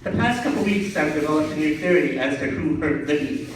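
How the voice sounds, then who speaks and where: A man's voice: expressive, brisk, noisy background. A man from Vermont doing a stand-up comedy set, sarcastic and ranting, filmed from across a small club. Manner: sarcastic, ranting, jumps up high for mocking voices. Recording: echoey club filmed from a distance.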